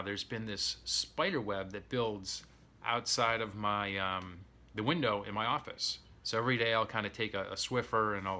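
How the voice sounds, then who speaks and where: A man's voice: on the low side, bright, forceful tone. A man telling a story in casual, rambling talk with many fillers. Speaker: podcast host.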